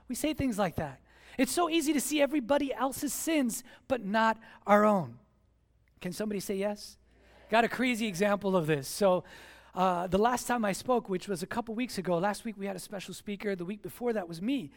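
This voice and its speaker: High-voiced preaching man. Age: adult with children at home. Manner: animated preaching, swings from quiet asides to raised exhortation. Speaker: pastor. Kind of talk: sermon.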